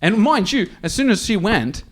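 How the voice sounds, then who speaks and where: On a comedy podcast, a high-voiced Australian man co-hosts at a moderate pace, telling crude anecdotes full of swearing. He's an animated storyteller in a casual, jokey setting.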